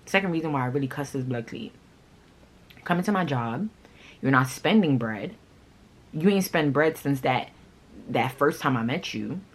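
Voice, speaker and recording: A woman with a low, husky voice tells a personal story straight to her viewers. She talks in a blunt, animated way and swears freely. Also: moderate pace, pauses often, poor audio. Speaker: vlogger. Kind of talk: casual storytime.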